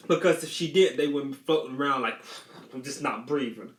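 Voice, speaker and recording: A man's voice: medium pitch, normal speed. A man casually telling a childhood story, rambling and repeating his phrases. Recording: roomy echo.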